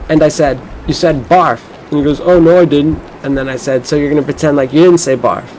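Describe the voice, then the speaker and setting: A man's voice: fairly high pitch, fairly even intonation, quick pace, a little mellow, slight background noise, poor audio. A young man from Florida talking casually over a game, rambling and cursing as he tells a boastful story. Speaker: gameplay streamer. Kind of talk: casual rambling gameplay commentary.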